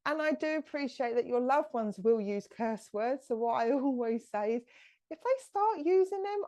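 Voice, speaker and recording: A woman, a medium hosting a live stream, chatting brightly and greeting viewers by name. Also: fairly high pitch.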